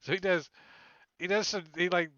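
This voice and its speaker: A man's voice: sits high, fairly even intonation, moderate pace, bright, forceful tone, dry recording. A man running a tabletop game as dungeon master, narrating casually with filler words and frequent laughs, over dull lo-fi stream audio.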